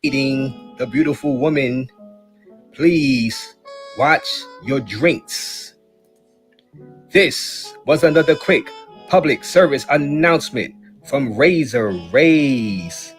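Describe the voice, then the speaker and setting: A man narrates a cautionary story at an unhurried pace, each phrase laid down deliberately. Loud music plays behind his voice throughout. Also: mid-range voice. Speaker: clip narrator.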